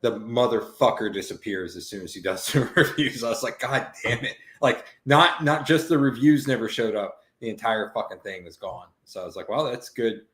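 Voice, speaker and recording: A man's voice: on the low side, lively intonation, fairly quick, hardly any pauses, fairly bright tone, echoey room. A man co-hosting a casual chat, rambling with many fillers and swearing freely. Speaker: podcast co-host.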